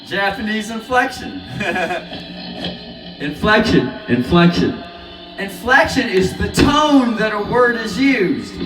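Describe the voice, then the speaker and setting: A man's voice: sits high, animated, takes it slowly. A man rambling about chords and word play while playing guitar at home, with loose free association. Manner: rambling, free-associating, breaks into laughter and snatches of singing. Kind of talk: rambling musing over guitar practice. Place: home room with guitar amp. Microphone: dynamic mic, sung dry. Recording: roomy home recording, mic at a distance.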